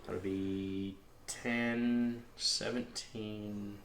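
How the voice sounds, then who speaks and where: A man playing a tabletop game, calmly declaring his moves and counting them out aloud. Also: on the low side, reverberant, a little hiss or hum. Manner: slow, methodical, counts things out aloud. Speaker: player. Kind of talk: casual tabletop game play.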